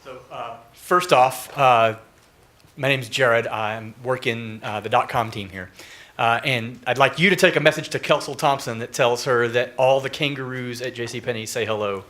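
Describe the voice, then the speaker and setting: A young man from Northeast Texas stands up in the audience to ask a question. His voice is bright and tense, and he talks haltingly, full of fillers. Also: medium pitch. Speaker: audience member asking a question.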